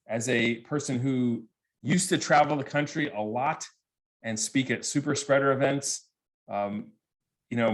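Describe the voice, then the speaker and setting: A man in his forties giving a comedic keynote talk to students, telling stories with lively, animated delivery and acting out the voices of people he quotes. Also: medium pitch. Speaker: keynote speaker. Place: virtual assembly with students present.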